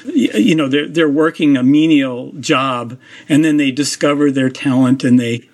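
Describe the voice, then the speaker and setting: A man's voice: medium pitch, normal speed, a little mellow. A man hosting an interview, asking thoughtful, exploratory questions. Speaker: interviewer, host.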